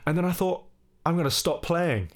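A young man, a musician guest, telling a story in relaxed conversation and singing short bits of melody as he goes. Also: a little high, moderate pace. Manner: animated, sings snippets of melody while telling the story.

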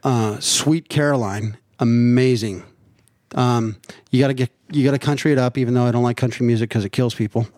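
A man's voice: medium pitch, fairly even intonation, brisk, darkish tone, dry recording, studio quality. Joking man telling a crash story. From Nevada. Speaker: podcast guest. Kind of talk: casual chat.

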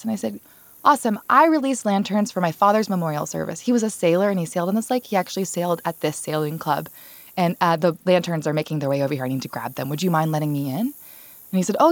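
A woman hosting a podcast, telling a personal story in a candid, animated way and laughing now and then. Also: mid-range voice, no room sound. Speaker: podcast host. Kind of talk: casual storytelling chat.

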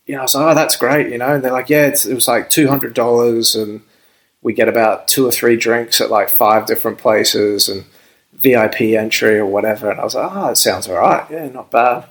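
A man's voice: mid-range voice, fairly quick, rough recording. A young Australian man, a podcast guest, telling a rambling story in casual chat and laughing as he goes. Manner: laid-back, rambling, laughs through his story.

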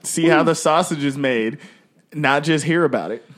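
A man talking as a guest on a casual podcast, goofy and quick to laugh. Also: on the high side.

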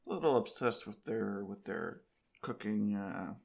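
A woman player in a tabletop game with a strikingly low voice. She speaks in an easygoing way, with dry little asides. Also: lively intonation, measured pace, vocal fry, darkish tone.

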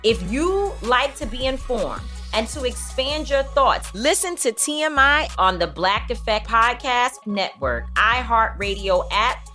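A woman hosting an upbeat podcast promo, energetic in her delivery. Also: fairly high pitch, measured pace, few pauses. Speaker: promo host. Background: faint music.

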